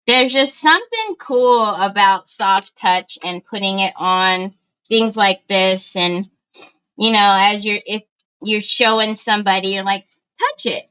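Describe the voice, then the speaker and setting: A woman's voice: mid-range voice, a little slow, sharp tone, clear, resonant tone, muffled recording. A woman hosting a casual crafting livestream, chatting to viewers and calling out to her family as she works. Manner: chatty, breaks off to call to family.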